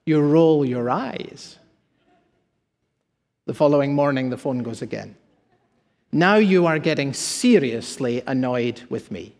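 A man's voice: mid-range voice, lively intonation, takes it slowly, pauses often, a little mellow, in a large hall. A man preaching a sermon with emphatic, repeated phrases. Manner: preaching with rising emphatic repetition. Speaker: pastor.

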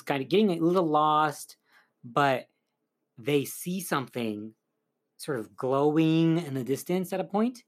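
A man casually recapping a film's plot as a reviewer, rambling with lots of fillers. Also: mid-range voice. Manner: chatty, rambling, full of "like" and "um". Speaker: film reviewer.

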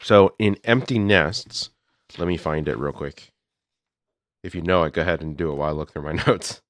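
A man co-hosting a podcast, chatting casually with dry, deadpan humor. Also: sits low, normal speed, no echo. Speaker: podcast co-host.

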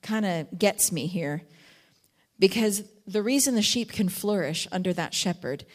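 A woman with a mid-range voice teaches a psalm, slowing down and softening thoughtfully on its key lines. Between those moments she's an animated storyteller, acting out quotes and sheep with sudden loud voices as a Bible teacher.

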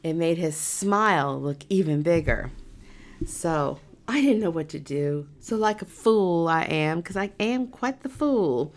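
A middle-aged woman, a massage therapist, telling a personal story casually, animated and self-mocking, with nervous laughs. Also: fairly low pitch, unhurried.

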